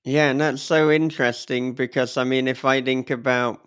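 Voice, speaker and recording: A man's voice: mid-range voice, fairly even intonation, normal speed, fairly bright tone, smooth. A man hosting a podcast interview, reflective and enthused, thinking aloud as he responds to his guest. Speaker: podcast host.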